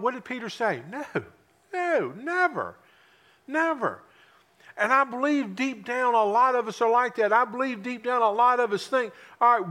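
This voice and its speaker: A preacher with a notably high voice delivers a sermon. He keeps asking the congregation questions and lets his voice fall to a hush before rising again on the key points. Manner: dramatic swings from loud to hushed, rhetorical questions.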